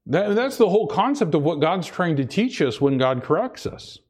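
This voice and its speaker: Earnest preaching man, slightly high voice. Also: sing-song, moderate pace, a little mellow, husky. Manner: earnest preaching with frequent repetitions and restarts. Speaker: pastor. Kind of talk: sermon.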